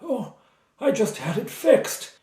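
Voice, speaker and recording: A man's voice: extremely high pitch, very animated, slow, warm tone, roomy sound, recorded from a distance, pitched above the performer's own voice, exaggerated voice. A man voicing an older male knight who has been held captive, speaking in breathless, quavering exclamations. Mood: weak, fretful.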